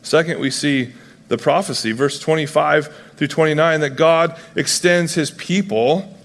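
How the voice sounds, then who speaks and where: A man preaching a casual, conversational sermon as pastor, acting out biblical figures in quick voices. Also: a little high. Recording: long hall reverb.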